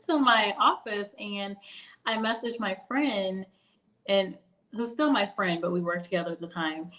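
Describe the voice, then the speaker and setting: A young woman talks casually on a livestream, laughing often as she drifts into personal stories. Her pitch sits in an ordinary middle range. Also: fairly bright tone. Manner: chatty, laughs often, storytelling asides. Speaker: career video host.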